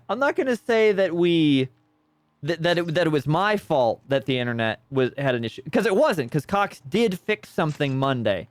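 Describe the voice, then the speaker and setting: A man's voice: a little high, very animated, moderate pace, pauses often, no echo. A man streaming a detective game, rambling and sarcastic in casual commentary at a desk microphone.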